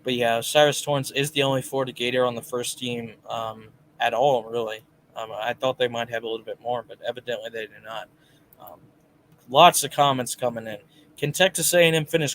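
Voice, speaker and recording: A man's voice: medium pitch, steady tone, fairly quick, fairly bright tone, slight background noise. Chatty man co-hosting a sports show. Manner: chatty, reads viewer comments aloud. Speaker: podcast co-host. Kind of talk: casual sports talk show.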